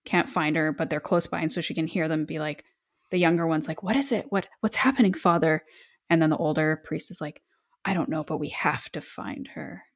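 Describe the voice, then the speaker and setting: A woman's voice: deep voice, brisk. A woman chatting casually about a book, animatedly quoting the characters. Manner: animated, quotes characters dramatically. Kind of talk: casual chat retelling a book.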